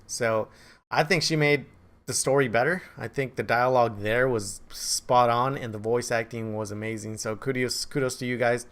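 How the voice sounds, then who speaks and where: A man's voice: mid-range voice, normal speed, a bit bright. A man giving a casual, rambling game review in a vlog, offhand and self-deprecating. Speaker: gaming video creator.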